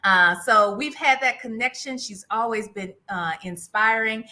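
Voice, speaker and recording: Bright-voiced woman hosting a livestream. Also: a little high, measured pace. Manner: chatty, playful teasing, laughs often. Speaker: host. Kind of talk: casual livestream interview.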